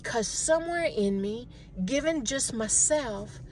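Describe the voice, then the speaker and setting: A middle-aged woman in a casual self-reflective monologue, animated and talking to herself. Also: fairly high pitch, takes it slowly. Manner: animated, talks to herself, mimics others' voices. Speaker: vlogger.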